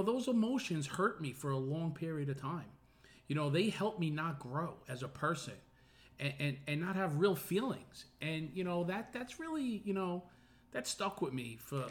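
A middle-aged man hosting a podcast, talking earnestly in a casual personal monologue full of fillers and restarts. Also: a little high. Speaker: podcast host.

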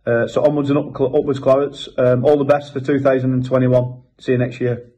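Football fan man, low-key flat delivery, mellow voice, muffled lo-fi audio. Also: a little fast. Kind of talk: casual fan chat. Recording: dull lo-fi recording.

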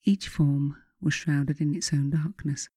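A woman reads her own memoir in a measured, reflective voice. Her tone is warm and mellow. The recording is close and dry, with no room sound. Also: deep voice, steady tone, slightly rough, no echo. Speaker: author reading her own book. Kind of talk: memoir audiobook narration.

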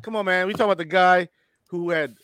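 A man's voice: high voice, fairly even intonation, fast talker, a bit bright, a little hiss or hum. A man, a podcast guest, joking and ribbing the others in casual banter.

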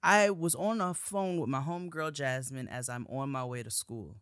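A woman telling a story in casual chat, animated and profane, acting out heated quotes. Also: a bass voice, moderate pace, smooth, no room sound, clean studio sound. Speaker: podcast host telling a story.

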